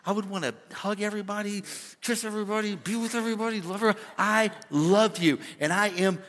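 A man preaching a sermon as a pastor, animated and conversational, joking with the crowd from the stage. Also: high-pitched, fast, big-room sound, a little hiss or hum. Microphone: stage microphone.

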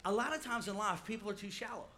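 A man preaching a comic storytelling sermon, animated and calling out to his congregation. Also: sits high, fast talker. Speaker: pastor.

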